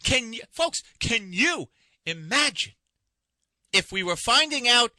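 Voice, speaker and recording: A man's voice: very high voice, big pitch swings, slow pace, bright, forceful tone, dry recording. A man hosting a talk radio show, delivering an impassioned, indignant monologue full of rhetorical questions from a radio studio. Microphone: studio microphone.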